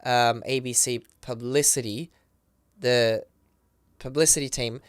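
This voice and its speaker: A man, a podcast guest, telling a story with excitement, acting out the people he quotes, with many fillers. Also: mid-range voice, a little slow, smooth, no echo, studio quality. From Australia. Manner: acts out the voices of people he quotes. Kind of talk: animated storytelling.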